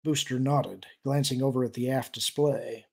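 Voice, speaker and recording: A man reading a science-fiction novel aloud as a steady audiobook narrator. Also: mid-range voice, moderate pace, gravelly, husky. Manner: steady storytelling delivery. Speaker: audiobook reader. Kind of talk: scripted narration.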